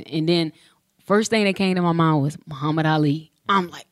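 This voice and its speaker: Woman in her 40s, ex-hoops player, tells stories all animated, does the voices, dry close sound. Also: sits low, moderate pace, no room sound. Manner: animated, acts out dialogue with slang. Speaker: former pro basketball player, guest. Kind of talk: casual storytelling.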